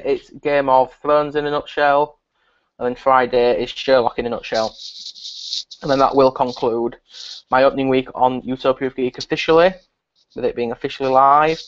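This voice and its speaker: A man's voice: mid-range voice, highs cut off. Chatty man streaming live. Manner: rambling, chatty, addressing viewers. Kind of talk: casual live stream chat. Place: relative's house, indoors.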